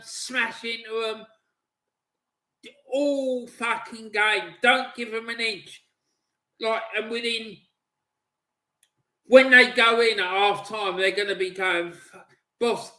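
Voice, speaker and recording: A man giving a fiery, sweary pre-match team talk as a football fan streamer, ranting and shouting orders. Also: very high-pitched, steady tone, slow, long pauses, reverberant, poor audio.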